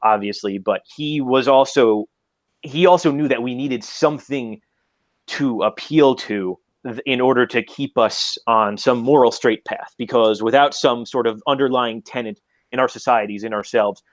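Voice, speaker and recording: A man's voice: medium pitch, normal speed, no room sound. A man who is a guest on an online debate show, talking in a hesitant, searching way with many fillers. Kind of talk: casual debate chat.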